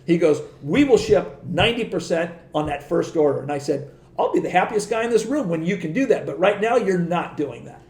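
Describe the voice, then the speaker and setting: A middle-aged man telling stories on a podcast in a casual, animated way, laughing often and acting out the voices of the people he quotes. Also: high-pitched, fairly quick, gravelly, few pauses, echoey room. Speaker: podcast guest. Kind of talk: casual storytelling.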